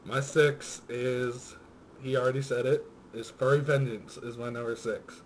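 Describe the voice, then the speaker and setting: A man's voice: mid-range voice, a little slow, rough recording. A young man co-hosting a casual movie-ranking chat, ranting with profanity and frequent laughter. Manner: profane, laughing, animated rants. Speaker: co-host of a movie review show.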